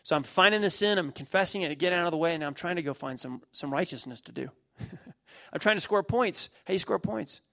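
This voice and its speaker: Middle-aged male pastor, slightly high voice, emphatic sermon delivery with repeated phrases. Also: fairly quick, gravelly. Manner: emphatic, repeats phrases, lively preaching with everyday illustrations.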